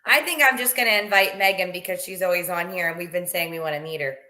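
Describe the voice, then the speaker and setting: A woman's voice: on the low side, quick pace, sharp tone. A woman hosting a casual live video show, chatty, laughing easily and reading out viewer comments. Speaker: show host.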